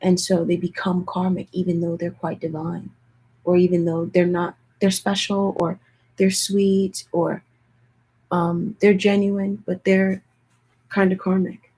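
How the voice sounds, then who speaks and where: A young woman tarot reader chatting casually with viewers in a hushed, half-whispered voice, often calling out to them directly. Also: fairly low pitch, level tone, measured pace, slightly rough, low-quality recording. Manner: chatty, keeps addressing viewers as "you guys". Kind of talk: casual livestream tarot chat.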